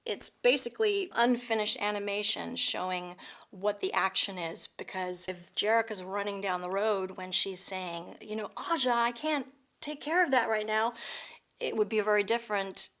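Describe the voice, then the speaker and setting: A woman voice actress with a mid-range voice recalls her recording sessions. She explains the process with steady enthusiasm. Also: mid-range voice, moderate pace. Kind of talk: retrospective interview.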